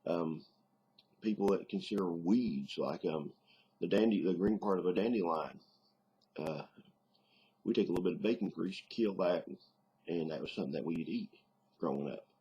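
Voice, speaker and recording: Low southern guy rambling in his vlog, lots of ums, muffled lo-fi sound. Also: normal speed, long pauses, mellow, breathy edge. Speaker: video diarist. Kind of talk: casual vlog monologue.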